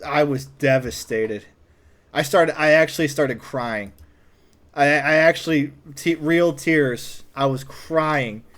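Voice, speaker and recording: A man telling a comedic personal story, animated, acting out other people's lines in a raised voice. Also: mid-range voice. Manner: animated, acts out quotes in a raised voice.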